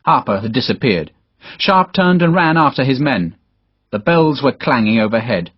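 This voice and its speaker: Husky male audiobook narrator. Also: mid-range voice, sing-song, moderate pace, no echo. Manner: dramatic storytelling, voices all characters. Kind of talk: scripted narration. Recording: dull, dry lo-fi audiobook recording.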